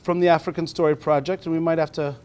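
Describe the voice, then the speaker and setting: Casting: man, high pitch, relaxed presenter with restarts, slows for read-alouds. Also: clean tone. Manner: conversational, with restarts; slows down when reading aloud. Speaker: teacher presenting at a university talk. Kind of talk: conference presentation.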